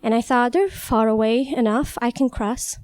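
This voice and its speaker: A young woman from Iran telling a personal story, animated and vivid, laughing at herself now and then. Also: a little high, normal speed, smooth, dry recording. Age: young adult. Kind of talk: personal story told live.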